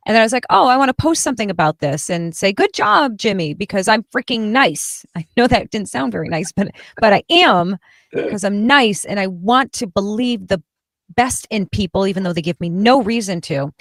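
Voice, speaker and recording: A woman hosting a political talk show, speaking bluntly and sarcastically with animated emphasis. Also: mid-range voice, moderate pace, no echo. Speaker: host.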